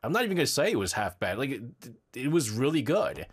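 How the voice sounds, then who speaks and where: Chatty radio host, lively voice. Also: male voice, medium pitch, fast talker, breathy edge. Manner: rambling, self-interrupting, laughs often. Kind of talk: casual on-air chat. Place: radio studio.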